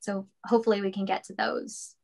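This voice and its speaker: A woman's voice: mid-range voice, flat delivery, fairly quick, creaky, a little mellow. A woman moderating a livestreamed panel discussion over a video call, speaking earnestly and conversationally with frequent ums.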